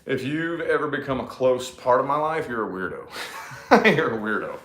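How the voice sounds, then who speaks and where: Vlogger, male, mid pitch, rambling and profane, self-mocking, recorded in an echoey room. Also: animated, normal speed, fairly bright tone. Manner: profane, self-deprecating, laughs often. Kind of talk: casual rambling monologue.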